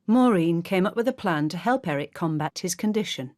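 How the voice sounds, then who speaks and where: A woman reading scripted documentary narration in a measured, formal way. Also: lowish voice, expressive, a little mellow. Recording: narration with faint music underneath.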